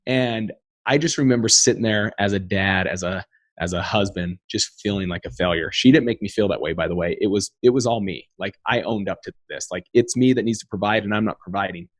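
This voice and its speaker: A man in his thirties, a podcast guest, telling a personal story in an earnest, animated way and acting out the quotes. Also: lowish voice, fairly quick, no echo.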